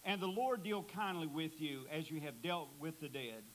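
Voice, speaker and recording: A man preaching a sermon in a church, emphatic and rising in pitch on key words. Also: normal speed, slight background noise, low-quality recording. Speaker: guest preacher.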